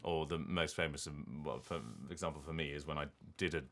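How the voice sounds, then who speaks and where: A man streaming a game and chatting casually, thinking aloud in an animated, rambling way. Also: extremely low pitch, fairly quick. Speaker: streamer and voice actor. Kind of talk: casual gaming stream chat.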